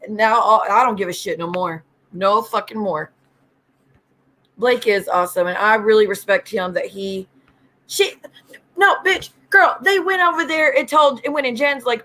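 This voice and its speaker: A woman's voice: fairly high pitch, moderate pace, bright, forceful tone. A woman hosting a casual livestream, greeting viewers by name and ranting bluntly with lots of swearing. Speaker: livestream host.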